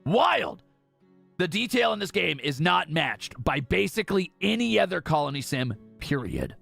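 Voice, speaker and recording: A man streaming a game in casual commentary, reading game text aloud with excited asides. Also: high voice, normal speed, vocal fry, soft background music.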